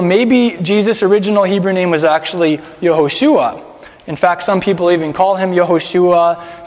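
A man with a high voice gives a loose, conversational sermon to a congregation. He stumbles over words and has his listeners say things back to him. His voice rings with a long echo, as if he is in a large hall. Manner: chatty, repeats words, has listeners repeat after him. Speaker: congregation teacher.

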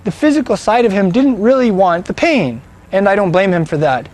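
A man's voice: high-pitched, animated, brisk, a little mellow. A man preaching a sermon, emphatic and fond of rhetorical questions.

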